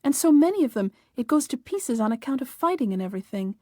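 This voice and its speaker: A woman's voice: high-pitched, very animated, a little mellow, no room sound, studio quality. A woman reading a fretful young bride. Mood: anxious. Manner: fretful, hurt, quick to take offense. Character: young newlywed bride, touchy and anxious.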